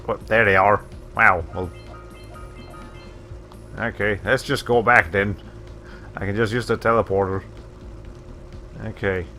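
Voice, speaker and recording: Rambling male game streamer, bright voice. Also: on the low side. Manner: rambling, laughs often, self-correcting. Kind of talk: casual gameplay commentary.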